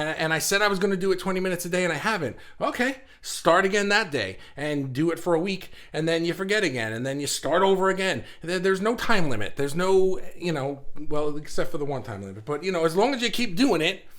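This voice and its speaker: Middle-aged male host, casual and rambling, a touch higher-pitched, chats to a live audience. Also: expressive, fairly quick, fairly bright tone. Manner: chatty and rambling, laughs at himself, many fillers. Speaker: live stream host reading viewer comments. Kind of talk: casual live-stream talk.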